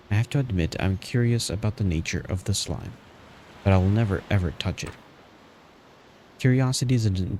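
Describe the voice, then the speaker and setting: A man streaming a game and narrating its text aloud in a lowish voice. His reading is plain and steady, with small slips and restarts as he goes. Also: slight background noise.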